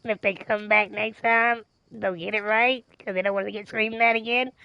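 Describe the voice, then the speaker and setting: A woman's voice: mid-range voice, steady tone, normal speed, gravelly, clear, resonant tone, no room sound. A woman streamer chatting casually, telling a long story in a rambling, emphatic way and swearing freely. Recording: dull lo-fi mic.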